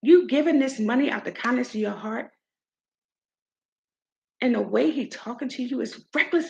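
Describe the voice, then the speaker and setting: A woman hosting her own show, giving an outspoken, animated commentary. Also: a little high, normal speed, gravelly, long pauses, dull audio. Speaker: show host. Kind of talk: casual commentary monologue.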